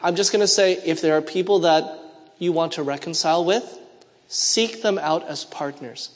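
Guy preaching in church, high voice, tells stories, asks the crowd what? and waits for them, big echoey hall. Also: normal speed. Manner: storytelling with call-and-response questions. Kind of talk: sermon. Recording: long hall reverb.

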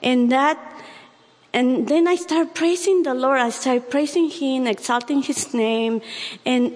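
A woman giving a personal testimony, speaking earnestly and haltingly with many pauses and restarts. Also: high-pitched, darkish tone, big-room sound. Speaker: church member giving testimony.

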